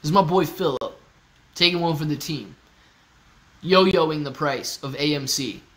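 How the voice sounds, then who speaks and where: A man's voice: on the high side, unhurried, a bit bright. Chatty man hosting a livestream. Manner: joking, loose, talks to chat by name. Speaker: livestream host. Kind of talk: casual livestream chat reading comments. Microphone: phone used as webcam.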